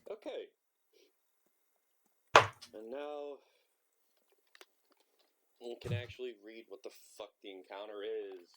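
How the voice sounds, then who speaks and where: A man's voice: fairly low pitch, takes it slowly, long pauses, heavy background noise. A man acting as game master in an online tabletop game, talking casually and swearing freely.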